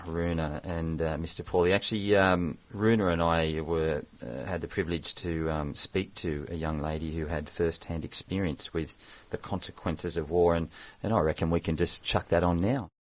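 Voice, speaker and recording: A man's voice: deep voice, fairly even intonation, normal speed, hardly any pauses. A man hosting a radio talk show, playful and a bit theatrical. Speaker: radio host. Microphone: studio mic.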